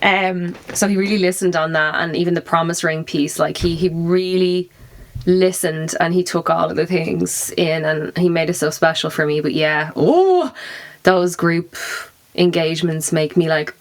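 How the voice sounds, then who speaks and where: A woman's voice: on the low side, normal speed. A young adult woman co-hosting a podcast, chatting casually, giggly and full of fillers. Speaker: podcast co-host. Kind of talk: casual chat.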